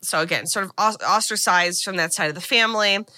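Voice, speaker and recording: A woman's voice: medium pitch, fast talker, pushed and bright. A woman co-hosting a podcast, retelling a film plot in a chatty, casual way full of "like"s and restarts. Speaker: podcast co-host.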